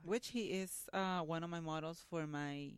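Lady guest on a podcast, lowish voice, playful and cheeky, dry mic. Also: fairly even intonation, normal speed, clean tone, no echo. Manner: bold, playful, teasing. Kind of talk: casual chat.

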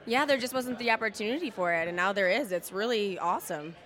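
Upbeat woman guest, bright voice, giggly and excited. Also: mid-range voice, fast, some chatter behind. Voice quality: bubbly, laughs often, upbeat. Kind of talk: casual interview chat.

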